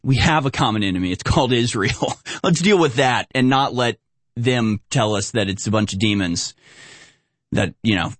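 A man's voice: mid-range voice, lively intonation, moderate pace, dry recording. A man giving casual commentary on video clips, rambling and hesitant with sarcastic asides.

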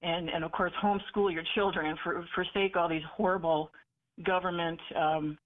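A woman's voice: fairly low pitch, fairly even intonation, moderate pace. Eager female caller on a tinny phone line. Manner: eager, chatty, many fillers. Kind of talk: call-in radio talk.

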